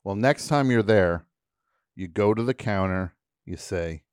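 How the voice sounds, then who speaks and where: This radio host's smooth, lowish voice moves a little slowly as he chats casually and spins a story, peppering it with silly put-on accents and voices. It's a dry, studio-quality recording on a studio microphone.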